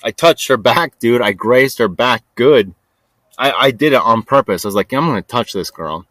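A man hosting a podcast, telling a story in a rambling, restless way that swings from low mutters to sudden loud bursts. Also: animated, normal speed, no room sound. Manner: rambling, restless, talks to himself with lots of "like" and "freaking". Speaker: podcast host. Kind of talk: casual storytelling monologue.

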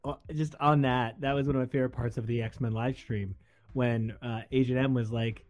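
A man's voice: medium pitch, steady tone, normal speed, a little mellow. Playful, joking man. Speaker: co-host. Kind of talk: casual comics discussion.

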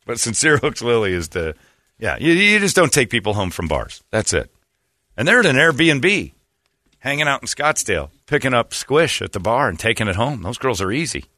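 A man in his thirties in a casual comedic chat, mocking and quick to slip into high falsetto voices for people in his stories. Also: big pitch swings, pushed and bright, dry recording, clean studio sound. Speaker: podcast co-host.

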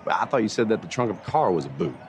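An actor playing a cheerful, folksy American football coach from Kansas, with a Kansas accent. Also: male voice, fairly low pitch, very animated, very fast. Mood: amused. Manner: folksy, easily delighted. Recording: TV clip with clear background noise.

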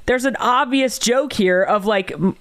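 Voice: mid-range voice, unhurried, fairly bright tone. A podcast co-host in casual chat, exasperated as she picks a film apart. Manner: exasperated critic.

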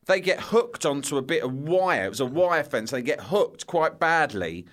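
A middle-aged man telling a funny school story in casual chat, animated and swearing freely. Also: a little high, moderate pace.

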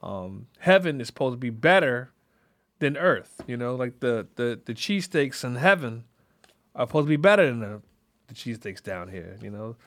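A podcast host with a very animated mid-range voice speaks at normal speed, with no echo in the recording. His monologue is casual and reflective but rambling, packed with "you know" and restarted sentences.

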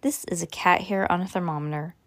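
Woman reading as a gentle, patient mom. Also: lowish voice, fairly even intonation, brisk, natural voice. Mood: caring. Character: patient, caring mother.

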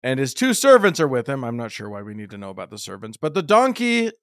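A man hosting a casual podcast, retelling a story in an animated, joking way. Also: mid-range voice, fast talker, no echo, studio quality. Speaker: podcast host. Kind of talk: casual bible discussion.

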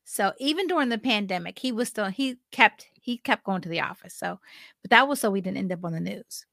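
A woman's voice: medium pitch, expressive, fairly quick, gravelly, a bit bright, no echo, studio quality. A woman co-hosting a podcast, chatty and teasing, laughing easily. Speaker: podcast co-host. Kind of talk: casual chat.

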